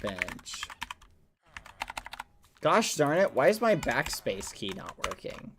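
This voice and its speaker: A man's voice: medium pitch, huge pitch swings, slow, background noise. A man casually chatting with his chat during a live game stream, playful and chatty. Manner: playful, chatty, talks to chat while typing.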